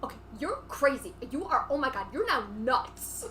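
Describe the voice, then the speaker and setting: A woman's voice: sits high, big pitch swings, moderate pace, sharp tone, full character voice. A woman playing a brash, defensive middle-aged socialite in a comic improvised reality-show reenactment, dramatic and indignant. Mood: outraged.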